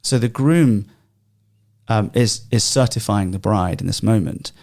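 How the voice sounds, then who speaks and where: A man's voice: on the low side, a little slow. Chatty man explaining scripture with fillers. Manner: animated, explains at length with many ums and restarts. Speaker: Bible study guest. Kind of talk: casual discussion podcast.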